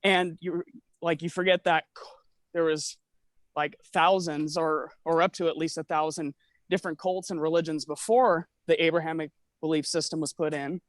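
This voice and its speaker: A man with a slightly higher voice rambles through a long call, piling up fillers and half-finished restarts. He sounds a little out of breath as he walks. The sound is dry and close, with no room around it. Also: steady tone, normal speed, dry recording. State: out of breath from walking. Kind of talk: casual conspiracy chat.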